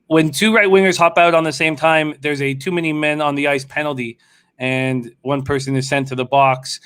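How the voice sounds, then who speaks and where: A man's voice: fairly high pitch, steady tone, normal speed, fairly bright tone, clear, resonant tone. A man hosting a live sports betting show, chatting loosely, swearing now and then while he places bets. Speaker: sports betting radio host. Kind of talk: casual live show chat.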